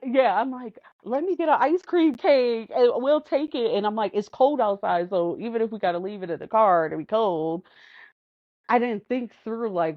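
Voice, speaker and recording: A female podcast guest tells stories in an animated, casual chat, imitating the people she quotes and laughing between lines. Her voice is lowish, and the lo-fi recording sounds dull, close and dry, with no room sound at all.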